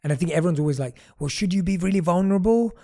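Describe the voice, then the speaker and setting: Affirming male podcast host, slightly high. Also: expressive, rapid-fire, creaky, mellow. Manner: reflective, affirming, repeats phrases for emphasis. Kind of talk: casual conversation.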